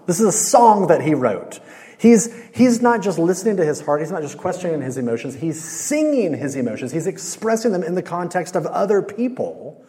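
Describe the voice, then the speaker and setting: A man in his thirties preaches in a relaxed way. He speaks in a fairly high voice and keeps turning to the audience with questions. His voice rings out through a hall with a long tail of reverb. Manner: conversational, with lots of "like" and "you know". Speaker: campus minister. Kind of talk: sermon.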